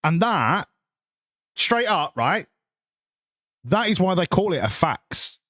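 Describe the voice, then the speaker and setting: A man's voice: sits high, very animated, slow pace, bright, forceful tone, no echo, studio quality. A man streaming a game, chatting casually, swearing and riffing sarcastically while reading chat. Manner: sweary, sarcastic, rambling, reads chat aloud.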